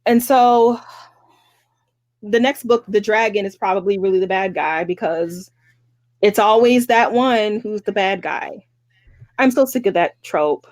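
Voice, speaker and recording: A woman's voice: mid-range voice, unhurried, pauses often, a little mellow, no echo. Chatty exasperated woman co-host. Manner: chatty, exasperated, stumbles over names. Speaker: book review podcast co-host. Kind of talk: casual chat.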